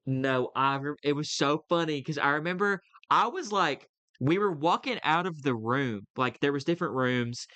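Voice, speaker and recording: A young man co-hosting a podcast tells a story in casual chat, rambling with plenty of fillers and restarts. His mid-range voice is sharp, clear, and resonant, with no room sound.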